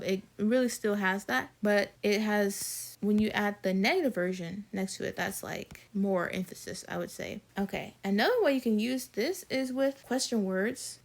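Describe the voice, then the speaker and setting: A woman runs a casual online language lesson, explaining grammar points in a relaxed way. She moves along at a brisk pace. She reads example sentences aloud and stops to correct herself when she wants to get a point exactly right. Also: medium pitch, creaky. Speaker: Korean language teacher.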